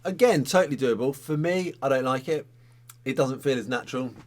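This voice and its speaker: A male drum teacher explains a shuffle beat in an easygoing, conversational way. His voice sits at a middle pitch as he counts rights, lefts and triplets aloud. A faint noise floor runs under the recording. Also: a little fast. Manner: counting sticking patterns aloud, conversational and encouraging. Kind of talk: instructional drum lesson.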